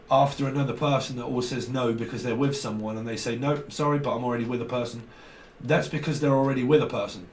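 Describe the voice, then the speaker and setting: A man's voice: medium pitch, recorded from a distance. A man giving a casual tarot reading to camera. He talks bluntly, swears freely and repeats his phrases. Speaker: tarot reader. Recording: roomy, off-mic, faint background noise.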